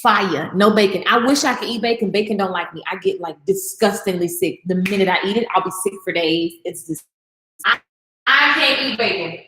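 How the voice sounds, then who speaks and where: A woman's voice: medium pitch, normal speed, echoey room, noisy background. A woman chatting casually to her viewers while she cooks in her kitchen, calling them y'all. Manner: chatty, talks to viewers as y'all, Southern slang. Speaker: vlogger and business coach. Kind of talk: casual chat while cooking. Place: home kitchen.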